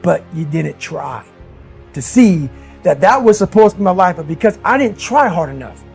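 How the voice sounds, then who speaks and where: This motivational speaker, a middle-aged man from the United States, is blunt and profane and keeps addressing people as "man" and "bro." He talks a little fast in a high, sing-song voice over faint background music.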